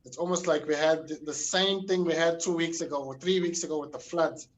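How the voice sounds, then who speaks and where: Man from South Africa, co-host, relaxed casual chat, says "man" a lot, higher voice. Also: fairly quick, recorded from a distance. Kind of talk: casual online show chat.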